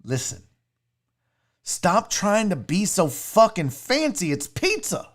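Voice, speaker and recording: A woman's voice: mid-range voice, very animated, takes it slowly. A woman hosting a casual livestream chat, blunt, profane and mocking as she reacts. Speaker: sports show host.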